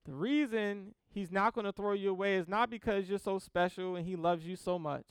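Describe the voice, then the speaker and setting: A man preaching a sermon, reading scripture and building to slow, emphatic swells. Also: sits high, clean tone, dry recording. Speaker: pastor.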